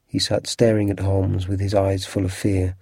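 A man calmly reading a storybook aloud as narrator. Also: low-pitched, moderate pace, gravelly, slightly rough, no room sound, studio quality. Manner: calm, even narration.

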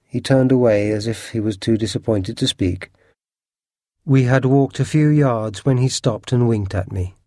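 A man narrating an audiobook with a steady, clear scripted reading. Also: medium pitch, normal speed, no echo, studio quality.

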